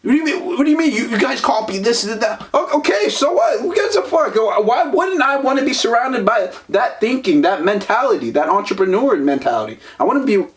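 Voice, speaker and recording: A young man co-hosting a self-improvement podcast, arguing in an animated, profane way. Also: extremely high pitch, a little fast, hardly any pauses. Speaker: podcast co-host.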